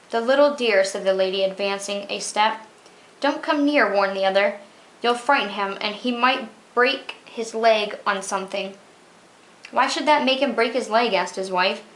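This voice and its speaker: A woman reading short old magazine stories aloud, expressive and steady. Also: medium pitch. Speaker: reader. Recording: roomy echo.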